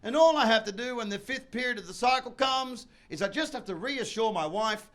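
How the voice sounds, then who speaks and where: A stand-up comedian man with a strikingly high, bright, forceful voice, working a live crowd. He talks brashly and breaks into loud shouts and mock voices to sell his bits. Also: expressive, brisk. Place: comedy venue with audience.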